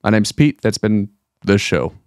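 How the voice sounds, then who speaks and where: A young comedian giving casual, wry closing remarks. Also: male voice, fairly low pitch, animated, measured pace, a little mellow, a little hiss or hum. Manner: wry, offhand.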